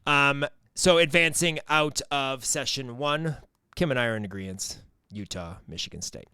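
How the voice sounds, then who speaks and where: A man's voice: on the high side, lively intonation, a little slow, a bit bright, clean tone, no echo. Dry-sounding male podcast co-host. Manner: rambling, lots of fillers and restarts. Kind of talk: casual sports chat.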